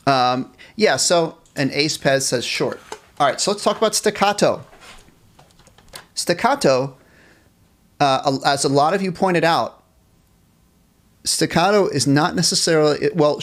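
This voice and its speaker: A man with a slightly higher voice leads a live online band class. He cheerfully answers questions from the chat and keeps encouraging the players. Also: measured pace, long pauses, fairly bright tone. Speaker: music teacher.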